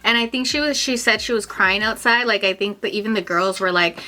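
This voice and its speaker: A woman's voice: mid-range voice, a little fast, sharp tone. A young woman telling a story in a chatty vlog, full of fillers and acted-out quotes. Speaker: vlogger.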